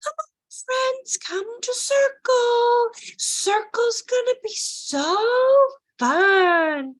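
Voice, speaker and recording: A woman doing a syrupy grown woman cooing at toddlers in a high, slow, sugary sing-song. The voice is pitched very high and drawn out, as if every word were a treat. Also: fairly bright tone, exaggerated voice.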